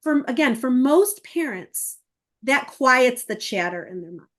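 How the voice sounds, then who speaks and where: Middle-aged woman, essay coach, lively interview guest who acts out quotes; voice sits a little high. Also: a little slow. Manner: animated, acts out quoted emails and parents.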